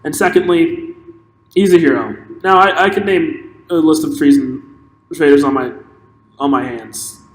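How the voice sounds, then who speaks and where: In an echoey room with long reverb and faint background noise, a podcast host delivers a passionate solo opinion piece. His fairly high-pitched voice moves unhurriedly, stopping and starting again as he thinks out loud.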